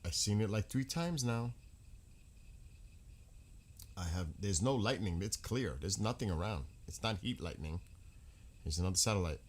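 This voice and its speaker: A man's voice: lowish voice, animated, moderate pace, pauses often. A man with a New York accent hosting a casual night-sky livestream outdoors, chatting with viewers and answering them by name. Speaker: livestream host. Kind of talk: casual live-chat skywatching stream. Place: outdoors at night, dark rural area.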